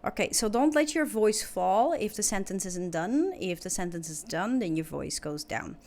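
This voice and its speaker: A woman teaches a recorded English lesson at a middle pitch. She talks clearly and patiently, going through each point one step at a time. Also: expressive, moderate pace, a little mellow.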